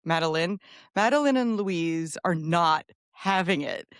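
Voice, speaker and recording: A woman co-hosting a podcast in casual chat, enthusiastic and rambling, with quick asides. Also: on the low side, expressive, clean tone, dry recording, studio quality. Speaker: podcast co-host.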